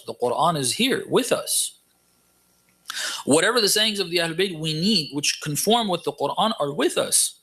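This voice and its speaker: A man's voice: on the high side, creaky, bright, forceful tone. A man delivering a religious lecture to a gathering, emphatic, repeating his points and firing off rhetorical questions. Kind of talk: lecture-style sermon.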